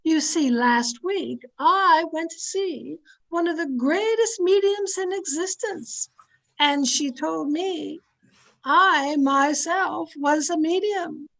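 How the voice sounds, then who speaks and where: A woman's voice: very high voice, takes it slowly, gravelly, a bit bright, exaggerated voice. A woman playing a pompous, bossy society matron who holds a seance as a self-styled medium, in an old-time radio drama read over a video call. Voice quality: pompous, commanding, theatrical.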